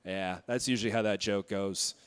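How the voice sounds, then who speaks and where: A young man in his twenties doing a stand-up set in a comedy club, delivering dark jokes in a deadpan way with halting fillers. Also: lowish voice, smooth. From Indiana.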